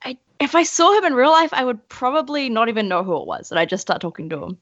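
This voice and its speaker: A woman co-hosting a podcast in casual chat, animated and self-deprecating. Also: a little high, quick pace, dry recording, muffled recording. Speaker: podcast co-host.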